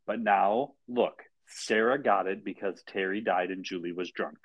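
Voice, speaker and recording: A man's voice: deep voice, normal speed, highs cut off. A man co-hosting a podcast in casual chat, recapping a TV episode with dry, wry asides. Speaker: podcast co-host.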